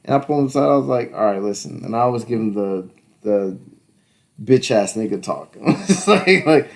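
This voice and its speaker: A man's voice: on the low side, animated, normal speed, gravelly. A young adult man telling a story in casual podcast chat, laughing often, swearing freely and acting out quoted dialogue. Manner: tells stories with quoted dialogue. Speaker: podcast co-host.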